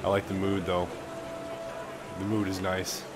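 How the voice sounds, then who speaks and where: A young man casually commentating a video game, swearing and reacting excitably. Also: low voice, unhurried, over music. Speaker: gaming commentator. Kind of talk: casual let's-play commentary.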